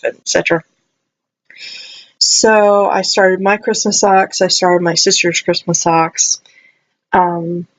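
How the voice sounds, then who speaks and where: Chatty young woman, slightly muffled. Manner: chatty, rambling, animated with sudden high jumps. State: dry throat, clearing it. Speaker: vlogger. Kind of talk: casual chat. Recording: slightly dull lo-fi audio.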